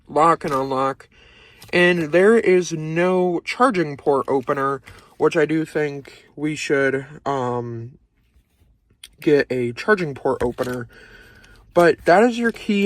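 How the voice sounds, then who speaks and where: A man with a slightly raised pitch talks through a car's features in a relaxed, conversational way. He sounds upbeat and chatty, as if showing a friend around the interior. The voice comes from inside a car cabin. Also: no room sound. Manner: upbeat, conversational, points things out as he goes. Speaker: car reviewer. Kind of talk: casual walkaround review.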